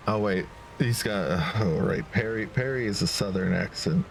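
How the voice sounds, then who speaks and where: A man chatting casually while streaming a game, in a relaxed manner. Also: lowish voice, normal speed, vocal fry, hardly any pauses. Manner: relaxed, reads game dialogue aloud.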